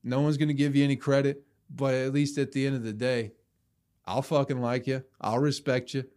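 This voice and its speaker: A man's voice: mid-range voice, flat delivery, a little fast, a little mellow. A man hosting a comedy podcast, talking in a casual, profane, ranting way.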